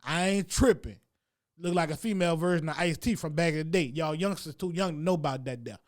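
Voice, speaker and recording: A man, a comedy show host, delivering a profane, animated comic rant about what he has seen around town. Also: on the high side, brisk.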